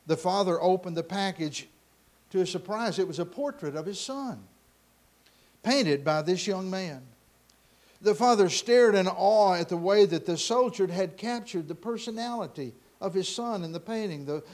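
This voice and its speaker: A man telling a story dramatically, swinging between loud passages and hushed ones. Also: sits high, expressive, normal speed.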